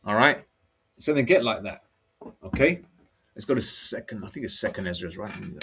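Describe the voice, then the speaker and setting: A man's voice: lowish voice, expressive, fairly bright tone, slightly rough. Blunt, profane British preacher man. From United Kingdom. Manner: blunt and profane, with frequent "okay?" and "all right?" check-ins; reads scripture aloud slowly. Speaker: religious preacher. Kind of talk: informal preaching monologue.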